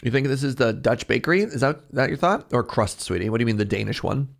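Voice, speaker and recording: A male streamer chats with his audience in a loose, joking manner and laughs often. His voice has a gravelly edge and swings widely in pitch. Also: expressive, fast talker. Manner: jokey, chatty, reads chat aloud and laughs often. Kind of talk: casual live-stream chat.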